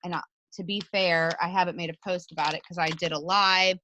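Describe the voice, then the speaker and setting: A woman's voice: fairly low pitch, steady tone, a little fast, bright, forceful tone, a little hiss or hum. A woman co-hosting a motivational video call, talking in a rambling, casual way that keeps interrupting itself.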